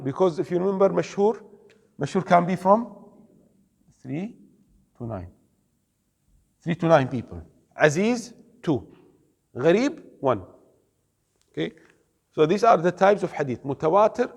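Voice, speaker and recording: Man teaching a class, quizzes students, slightly high voice, long hall reverb. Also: creaky. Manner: explains slowly, asks the class questions, mixes in Arabic words. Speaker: Islamic studies teacher. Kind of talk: classroom lecture.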